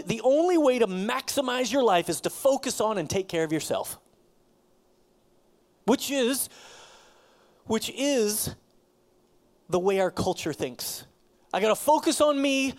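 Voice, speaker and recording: A man's voice: sits high, darkish tone. A man preaching a sermon with emphasis, often dropping his voice to a near whisper. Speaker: pastor.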